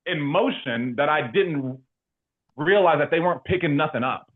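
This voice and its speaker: A man talking casually as an interview guest about his work, animated and slangy, with lots of fillers. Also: a little high, moderate pace. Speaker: insurance agency leader and guest. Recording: tinny phone-like line.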